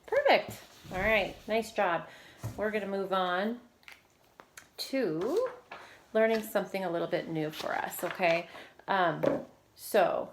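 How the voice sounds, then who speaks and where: A woman teacher leading a recorded phonics lesson, giving steady step-by-step prompts and quick praise. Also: medium pitch, slight background noise. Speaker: reading teacher.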